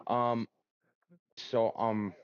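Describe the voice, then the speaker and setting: A man's voice: fairly low pitch, little pitch movement, very slow, muffled recording, a little hiss or hum. A man chatting casually with friends over an online game, telling a long story with cursing and frequent restarts. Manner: rambling, profane storytelling with many restarts.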